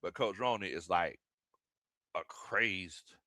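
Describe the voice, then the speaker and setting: A man hosting live watch-party commentary, excitable and often shouting and laughing. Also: low voice, takes it slowly, no room sound, studio quality. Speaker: sports livestream host.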